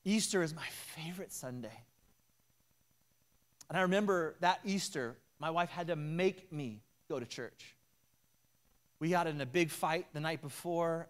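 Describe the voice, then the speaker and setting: A male pastor delivering a sermon, moving between loud emphatic preaching and hushed personal confession. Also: on the high side, a little slow, long pauses. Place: church sanctuary.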